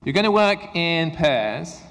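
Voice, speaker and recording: A man presenting an interactive workshop for English teachers, upbeat and encouraging as he gives quick instructions. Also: on the high side, sing-song, fairly bright tone. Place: conference room at a university. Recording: echoey hall with long reverb.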